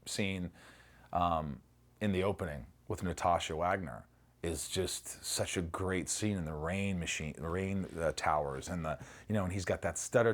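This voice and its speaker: A middle-aged man with a slightly low voice recalls his acting days in a casual interview. He talks animatedly, swears freely and slips into acting out lines as he goes. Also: normal speed. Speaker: actor being interviewed.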